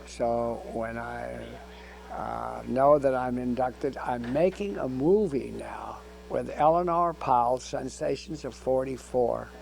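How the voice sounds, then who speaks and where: An older man being interviewed, telling anecdotes in an animated way and acting out the dialogue. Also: mid-range voice, slow, vocal fry, a little hiss or hum, rough recording. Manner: animated storyteller who acts out dialogue. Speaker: interview guest. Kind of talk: anecdotal storytelling.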